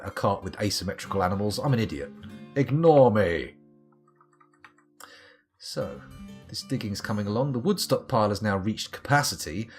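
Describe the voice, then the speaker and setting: British male streamer, low voice with a lively swing, wry rambling play-by-play, soft guitar behind. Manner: rambling, self-mocking, dry asides. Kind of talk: live gameplay commentary.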